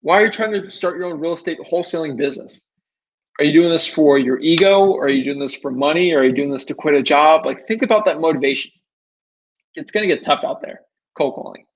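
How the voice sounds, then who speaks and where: Young male coach, higher-pitched, casual and rambling, dull lo-fi recording. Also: brisk. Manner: chatty, repetitive, animated asides with fillers. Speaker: real estate wholesaling coach. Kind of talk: casual spoken tutorial. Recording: dull lo-fi audio.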